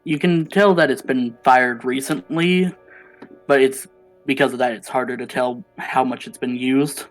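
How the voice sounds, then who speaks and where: A man's voice: medium pitch, steady tone, measured pace, soft background music, low-quality recording. A man running a tabletop role-playing game as game master, describing details in a matter-of-fact way.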